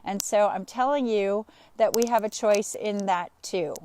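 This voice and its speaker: A woman life coach on a live stream, telling an animated personal story and greeting viewers by name. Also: medium pitch, measured pace, a little hiss or hum. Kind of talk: live-streamed motivational talk.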